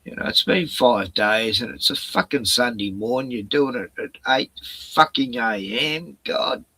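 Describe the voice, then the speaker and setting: A man's voice: mid-range voice, moderate pace, bright, forceful tone, husky, dry recording, low-quality recording. A man chatting on a live stream in a rambling, profane rant full of sarcastic jokes, short on sleep. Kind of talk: casual ranting chat.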